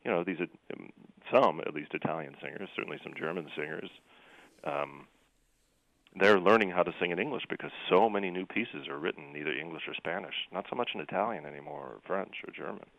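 A man's voice: low voice, brisk, creaky, no echo, narrow, tinny audio. A man who sings opera, talking in a rambling conversational way with many fillers and restarts. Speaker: opera singer. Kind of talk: casual conversation.

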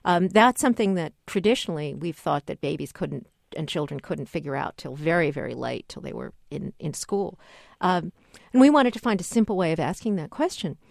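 A middle-aged woman, a guest researcher on a radio call-in show, explaining with lively emphasis. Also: fairly low pitch, creaky, no room sound, clean studio sound. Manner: animated explainer, acts out voices in quotes. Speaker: guest researcher on child development.

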